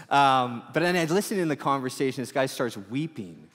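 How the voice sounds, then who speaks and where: A male pastor preaching a sermon in a conversational, storytelling way, full of quick asides. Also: fairly high pitch, fairly bright tone, big-room sound.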